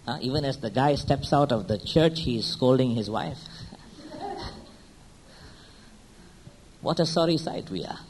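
A male preacher at a medium pitch, pressing his congregation with question after question and checking in with a quick "hmm?" or "huh?". He drops into slow, quiet stretches, then jumps up in pitch and volume. A faint hiss of noise sits under his voice. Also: lively intonation, poor audio. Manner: swings between quiet, slow lines and loud, high-pitched bursts. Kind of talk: sermon.

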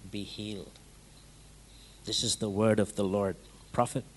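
A man preaching a sermon in a conversational way, checking in with his listeners through quick rhetorical questions. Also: on the low side, fairly even intonation.

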